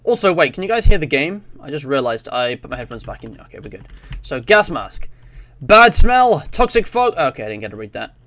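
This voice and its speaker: A man's voice: medium pitch, lively intonation, fast, a bit bright, dry recording. A man giving casual, rambling let's-play commentary, reading on-screen text aloud as he plays. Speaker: gaming YouTuber.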